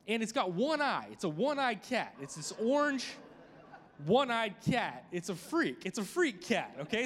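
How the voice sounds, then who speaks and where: A man's voice: high-pitched, a bit bright. A man in his thirties preaching to a group, telling a personal story in a chatty, self-deprecating way with many fillers. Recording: long hall reverb.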